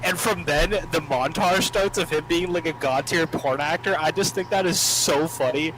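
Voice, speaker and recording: A man's voice: fairly high pitch, moderate pace, background noise. A man co-hosting a casual film podcast, chatty and full of "like". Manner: chatty, peppered with "like". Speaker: podcast co-host.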